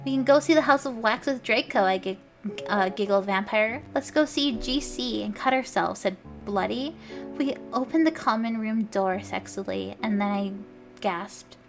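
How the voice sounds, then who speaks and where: A woman streamer reading a story aloud for laughs, shouting the quoted lines over the top and breaking off for wry asides. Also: medium pitch. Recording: clear background music under voice. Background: background music.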